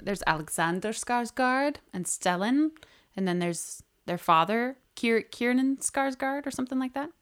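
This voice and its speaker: A woman's voice: on the high side, animated, moderate pace, fairly bright tone. Wry woman in casual chat.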